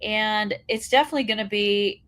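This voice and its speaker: A woman's voice: medium pitch, brisk, a bit bright. A woman hosting a wrestling commentary show, ranting bluntly and profanely, fired up.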